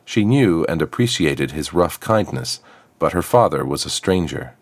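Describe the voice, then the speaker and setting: A man reading a fantasy story aloud in a steady, measured narration. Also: very deep voice, no room sound.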